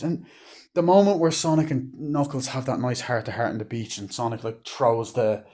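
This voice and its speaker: A man giving a casual movie review, rambling excitedly, swearing often and retelling scenes. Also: mid-range voice, a little fast.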